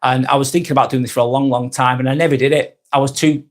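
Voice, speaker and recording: A man's voice: medium pitch, fairly even intonation, quick pace. A man with a Lancashire accent hosting a live stream, talking in a rambling, reflective way and often restarting and correcting himself. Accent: Lancashire (Blackburn). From Lancashire, northwest England. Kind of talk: casual live-stream monologue.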